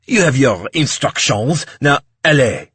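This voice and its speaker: A man's voice: mid-range voice, lively intonation, a little slow, a bit bright, breathy edge, no room sound, pitched above the performer's own voice, heavily acted. A man voicing a stern male maitre d' with an exaggerated, overdone French accent and clipped, haughty commands.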